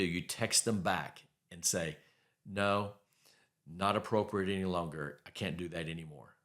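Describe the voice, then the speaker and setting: A middle-aged man with a lowish voice talks straight to his podcast listeners about their personal lives. He is blunt and emphatic and drives each point home by repeating it. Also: fairly bright tone. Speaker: podcast host. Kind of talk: faith-based advice podcast monologue.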